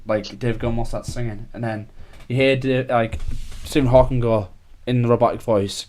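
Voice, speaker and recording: A man's voice: on the low side, fairly even intonation, moderate pace, a little mellow. A young man, chatting casually as a podcast host, rambling with lots of filler words. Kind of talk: casual chat.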